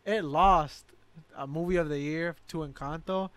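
A man's voice: fairly high pitch, measured pace, a bit bright, smooth, dry recording. A young man co-hosting a podcast in casual chat, slangy, telling stories with lots of "like". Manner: slangy storyteller, says "like" often. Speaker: podcast co-host.

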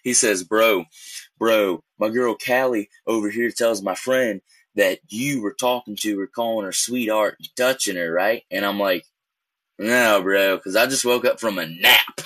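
A man's voice: on the low side, unhurried, slightly rough, dry recording. A young man telling a rambling, casual story, acting out each exchange as he goes. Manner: rambling, animated, acts out quoted exchanges. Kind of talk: casual anecdote.

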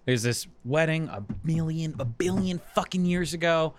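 A man's voice: on the high side, normal speed, noisy background. A man co-hosting a casual podcast chat, joking and swearing as he talks. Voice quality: joking, profane. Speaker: podcast co-host.

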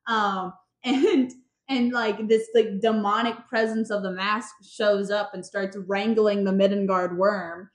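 A woman's voice: mid-range voice, steady tone, a little slow. A young woman casually recapping book chapters on a podcast, chatty and full of fillers, laughing often. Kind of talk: casual chat. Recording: echoey room.

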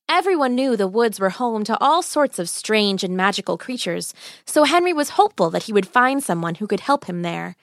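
A woman's voice: medium pitch, fairly bright tone, no room sound. Playful woman storyteller, dry close sound. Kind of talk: scripted narration.

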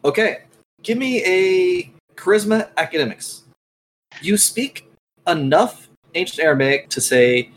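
A man running a tabletop game as game master, narrating scenes in a measured, descriptive way. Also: on the high side, slight background noise, rough recording.

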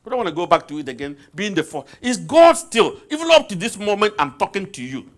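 Animated preacher, man, higher voice. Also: quick pace. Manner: asks the congregation questions, repeats phrases for emphasis. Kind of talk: sermon.

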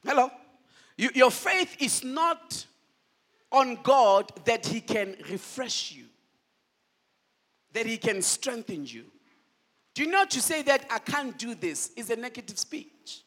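Man, pastor, sermon, very high voice, bright and lively, call-and-response questions. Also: slow, pauses often. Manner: animated, shifts between loud declaring and quiet asides.

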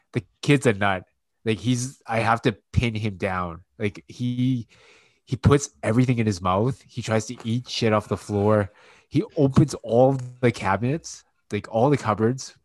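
A man in his thirties tells a loose, profane story about parenting, leaning on fillers as he goes. His voice sits a little low, and the sound is dry with no room around it. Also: a little slow, no echo. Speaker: podcast co-host and father. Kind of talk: casual chat.

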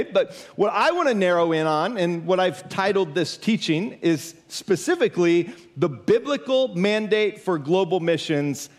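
A pastor giving a conversational sermon from the United States, emphatic and full of rhetorical questions. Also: male voice, sits high.

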